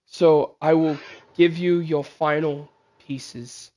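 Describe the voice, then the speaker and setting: A man's voice: fairly high pitch, steady tone, slow, dark tone. A man voicing a gracious male king who talks in a loose, casual way, in a tabletop game. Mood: formal. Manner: casual, slangy speech for a royal.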